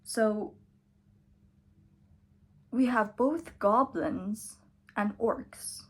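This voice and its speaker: A woman's voice: a little high, husky. A tired young woman chatting casually in a book vlog, now and then dropping to a whisper. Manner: chatty, slow and drawn out, sometimes drops to a whisper. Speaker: book vlogger.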